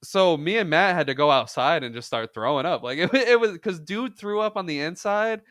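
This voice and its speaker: A man's voice: a little high, lively intonation, moderate pace, fairly bright tone, no room sound, clean studio sound. A man co-hosting a casual podcast, telling a story in a loose, profane way and laughing as he goes. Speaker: podcast co-host. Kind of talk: casual chat.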